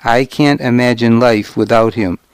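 A man's voice: medium pitch, steady tone, normal speed, clear, resonant tone, no echo, close to an everyday voice. A man voicing a heartbroken warrior friend in an audiobook.

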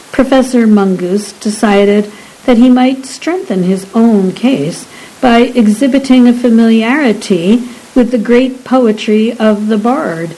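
A woman narrating a story in a measured audiobook reading. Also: fairly high pitch, mellow, poor audio.

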